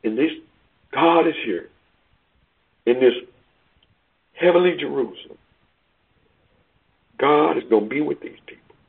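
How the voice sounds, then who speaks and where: A man preaching a sermon, reading scripture aloud and explaining it with emphatic swells and hushed asides. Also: fairly high pitch, lively intonation, a little slow, gravelly, pauses often, breathy edge. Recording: tinny phone-like line.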